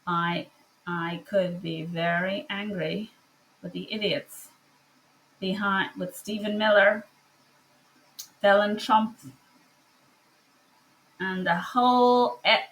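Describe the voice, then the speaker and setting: A woman physician speaking a personal commentary monologue, passionate and emphatic with frequent pauses. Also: mid-range voice, a bit bright. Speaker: physician and online course teacher.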